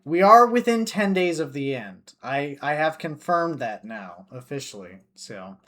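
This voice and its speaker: Mid-voiced streamer, animated, narrates game text and comments along, faint music behind. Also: mid-range voice, measured pace. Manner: animated, reacts and slips into character voices. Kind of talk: reading a visual novel aloud with commentary.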